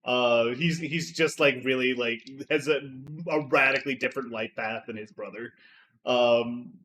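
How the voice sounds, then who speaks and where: A man's voice: medium pitch, fairly even intonation, moderate pace, a bit bright. Laughing, rambling male game master. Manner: rambling, filler-heavy, laughs often. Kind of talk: narrating a tabletop game.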